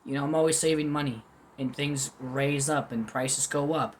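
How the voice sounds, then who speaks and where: Reviewing food at home without a script, a man with a high-leaning, steady voice talks at a moderate pace. He wanders between topics, candid and self-deprecating, tossing in goofy asides, with a bit of hiss or hum behind him.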